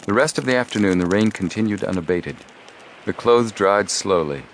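Deep-voiced male audiobook narrator. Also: slight background noise. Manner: measured, steady storytelling. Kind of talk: scripted narration.

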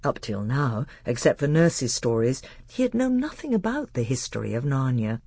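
A narrator reading a children's fantasy novel aloud in an expressive, animated storytelling manner. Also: medium pitch, normal speed, breathy edge, no room sound, studio quality.

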